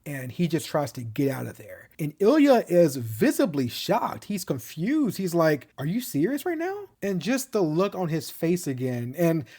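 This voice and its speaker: A man's voice: a little high, very animated, measured pace, few pauses, a little mellow, slightly rough. A man giving a casual, rambling recap of a TV show, full of "like" fillers and fond enthusiasm. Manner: chatty and rambling, many "like" fillers and restarts. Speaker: TV show reviewer.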